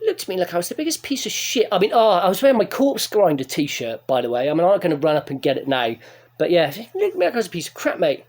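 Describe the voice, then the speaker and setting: A man, telling a sweary, excitable rant to camera as a vlogger. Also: high voice, fast talker. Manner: sweary, excitable, animated storytelling. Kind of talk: ranting story to camera.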